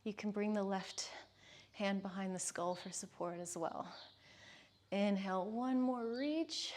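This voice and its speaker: A woman leads a yoga flow, calling out each breath and pose in a calm, unhurried way. Her pitch sits in a middle range and she lets long pauses fall between cues. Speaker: yoga instructor. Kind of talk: guided yoga class instruction.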